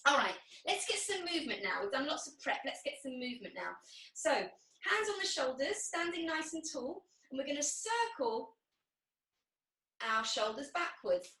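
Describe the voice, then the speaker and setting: A woman's voice: high voice, big pitch swings, normal speed, pushed and bright. A woman instructor guiding a pilates class, encouraging and cueing each breath and movement. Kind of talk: guided exercise class. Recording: echoey room, distant mic.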